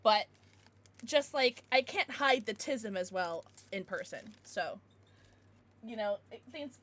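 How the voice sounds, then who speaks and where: A woman's voice: on the high side, lively intonation, slow, fairly bright tone. A young woman livestreaming, chatting casually and giggling with her chat, thanking followers.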